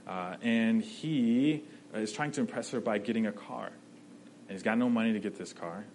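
A man's voice: on the low side, moderate pace, darkish tone, a little hiss or hum, rough recording. A man preaching a sermon in a conversational way, often checking in with "right?" and restarting his phrases.

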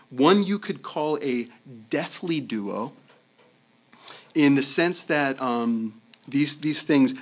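A man preaching a sermon in a conversational way. He often checks in with the congregation and repeats words as he goes. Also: mid-range voice. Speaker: pastor.

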